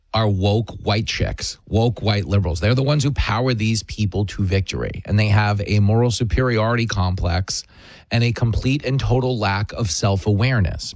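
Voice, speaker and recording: A man's voice: lowish voice, no echo. A man hosting a talk radio show, delivering an opinionated monologue in an emphatic, sarcastic way.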